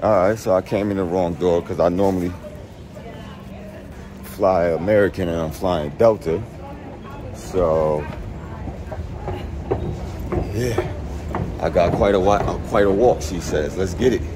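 Man, very low voice, casual vlog, slangy, repeats words, noisy phone recording. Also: fairly even intonation, a little slow, pauses often. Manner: slangy, repeats words, talks to viewers as y'all. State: out of breath. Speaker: vlogger delivering a puppy. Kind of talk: casual vlog talk to camera. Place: airport and car.

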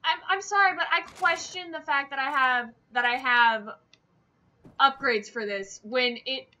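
A young woman playing a video game with a friend, excitable and swearing, shrieking when startled. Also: high voice, unhurried, a little hiss or hum. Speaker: gamer, co-host. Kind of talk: let's-play banter.

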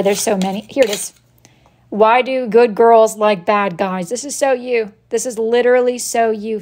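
A woman's voice: a little high, a little mellow. A woman hosting a casual live stream, playfully reading out joke slogans from her crafts and teasing viewers by name. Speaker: live-stream host showing her wood-burned crafts.

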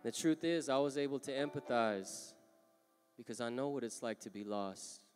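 A man preaching a sermon, moving from soft-spoken storytelling to loud, impassioned calls. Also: mid-range voice, moderate pace. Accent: Southern Californian. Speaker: pastor. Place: large church hall. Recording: long hall reverb, live church. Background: music playing.

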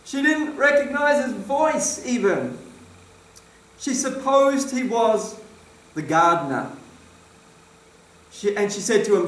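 A man's voice: very high-pitched, expressive, slow pace, long pauses, fairly bright tone. A man preaching a sermon in a church hall, emphatic and questioning his congregation. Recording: roomy echo, distant mic.

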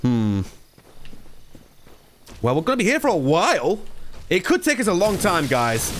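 A young man chatting live while playing a game, ranting and swearing, alternating between low mumbles and loud outbursts. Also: wildly swooping pitch, a little slow, a little hiss or hum. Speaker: streamer. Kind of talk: casual live-stream chat.

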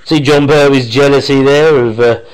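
A man chats over an episode he loves, in a voice of ordinary middle pitch. He rambles happily, drops half-finished thoughts and doubles back. It sounds like a relaxed fan commentary recorded on a home microphone. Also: normal speed, smooth, poor audio. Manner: rambling and enthusiastic, with trailing half-sentences. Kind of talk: casual watch-along commentary.

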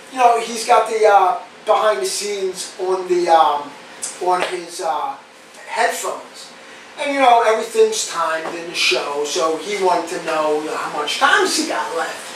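Loud New man, echoey room. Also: sits high, recorded from a distance. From New Jersey. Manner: loud, animated, joking storyteller. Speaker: podcast guest. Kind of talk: casual storytelling chat. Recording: roomy echo, off-mic, faint noise.

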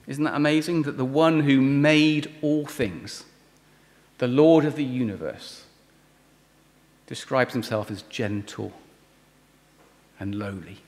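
A man preaching a sermon and leading prayer, earnest and pleading, often dropping to a soft voice on key words. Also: medium pitch, slow pace, pauses often. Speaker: visiting preacher. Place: church hall. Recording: reverberant hall.

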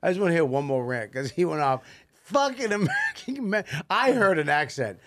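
Male comic co-host, fairly high voice, swears a lot, animated riffing. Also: brisk, a little hiss or hum. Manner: profane, animated, doing mocking voices. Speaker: podcast co-host and comedian. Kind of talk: casual podcast banter.

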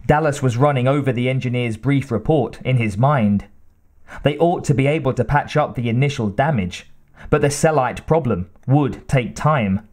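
A man of medium pitch narrates scripted audiobook text, keeping his reading steady and deliberate.

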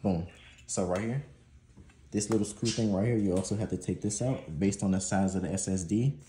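A man's voice: low voice, fairly quick, warm tone, reverberant, slight background noise. A man hosting a gaming channel, chatting casually through an unboxing and install tutorial, laid-back and prone to swearing and laughing.

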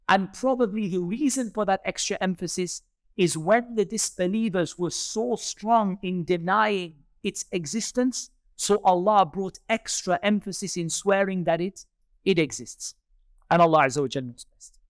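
A man's voice: high-pitched, dry recording. Man, religious teacher, patient explaining, dry close sound. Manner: explanatory, repeats key points, mixes in Arabic terms. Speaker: Islamic teacher. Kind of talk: tafsir lesson.

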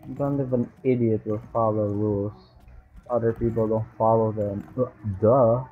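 A man's voice: fairly low pitch, steady tone, normal speed. A man rambling and swearing to himself while playing a game. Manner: rambling, profane, talks to himself in mixed languages. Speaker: gamer vlogger. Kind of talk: rambling gameplay commentary. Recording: lo-fi phone-like sound with faint noise.

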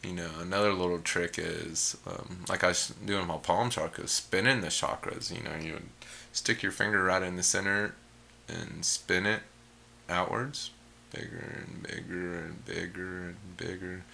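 Slow, gravelly low-voiced man. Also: fairly even intonation, sharp tone, slight background noise. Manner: laid-back, blissed-out, chuckling, drawn-out sighs and hums. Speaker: energy healing teacher. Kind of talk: casual guided heart meditation.

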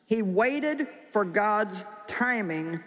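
A woman delivers a sermon extremely slowly, her medium-pitched voice fairly bright and lively in intonation. Before a live congregation in a large hall, she's emphatic, jokes, and often quizzes her audience, with long reverb and a faint crowd in the recording.

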